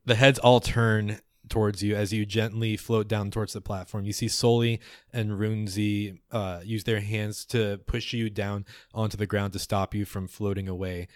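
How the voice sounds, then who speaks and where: A man's voice: fairly low pitch, flat delivery, unhurried, no echo, studio quality. A man narrating descriptively as game master of a tabletop game. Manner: descriptive, with fillers.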